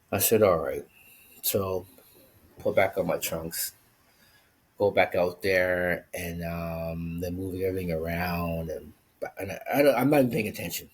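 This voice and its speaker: A man with a somewhat low, husky voice tells a personal story straight to his viewers. He keeps it casual and animated, slipping into the voices of the people he quotes. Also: moderate pace. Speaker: vlogger.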